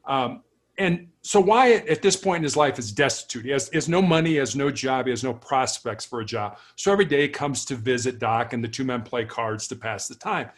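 A man's voice: medium pitch, lively intonation, brisk. A middle-aged man, a former police officer, telling stories earnestly in a conversational interview, often restarting and repeating words. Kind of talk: reflective storytelling in conversation.

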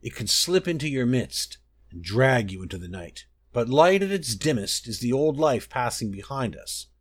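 A man's voice: medium pitch, moderate pace. A man reading the part of an older village grandmother who speaks firmly and steadily, in a storybook reading. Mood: firm warning. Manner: firm, steady warning.

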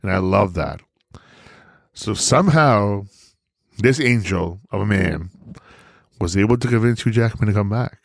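A man hosting a podcast, talking about movies in an animated, theatrical and profane way. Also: fairly low pitch, unhurried, vocal fry, long pauses, no room sound, studio quality. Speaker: podcast host. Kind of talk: casual movie talk.

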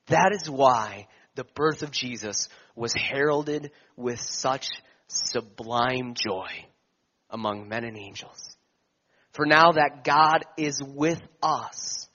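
A man preaching a sermon, slow and emphatic, his voice swelling and then dropping to near whispers. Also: medium pitch, fairly bright tone, muffled recording.

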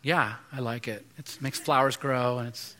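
A man's voice: medium pitch, normal speed, pushed and bright, pitched below the performer's own voice, close to an everyday voice. A man quoting his sweet little daughter, matter-of-fact. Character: cheerful little girl, his six-year-old daughter. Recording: long hall reverb.

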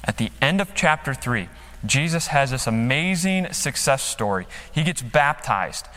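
A man's voice: medium pitch, animated, a little slow, bright, forceful tone. Preaching man in a reverberant hall. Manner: emphatic preaching with dramatic quotes. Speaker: pastor. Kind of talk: sermon. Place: church stage.

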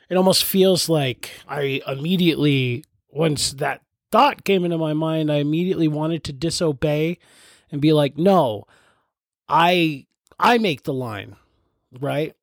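Young man, solo reflective talk, slow and hesitant, dry close sound. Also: a little high, no room sound. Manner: halting, thoughtful, many pauses and fillers. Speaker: podcast host.

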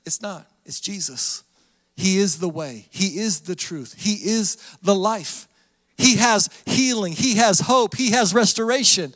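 A man's voice: sits high, a little slow, a bit bright, big-room sound. A man preaching a sermon as pastor, with an earnest, repetitive cadence.

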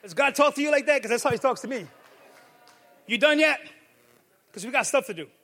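A man preaching a sermon as pastor, moving between quiet reflection and fervent shouted declarations. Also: very high-pitched, expressive, rapid-fire, long reverb tail. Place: church sanctuary.

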